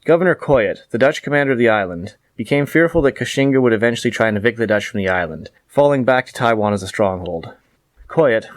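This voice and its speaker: Male book reviewer, lower voice, dry close sound, measured wry read. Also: no room sound.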